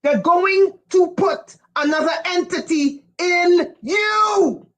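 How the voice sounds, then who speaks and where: A woman giving an impassioned livestream monologue, emphatic and profane, with sudden bursts of shouting. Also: very high-pitched, slow pace, rough recording. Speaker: livestream speaker.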